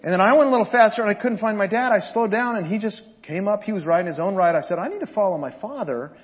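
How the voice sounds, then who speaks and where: A man preaching a sermon as pastor, telling animated, joking stories to his congregation. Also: high-pitched, quick pace, lo-fi sound. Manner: animated storytelling, jokes with the congregation.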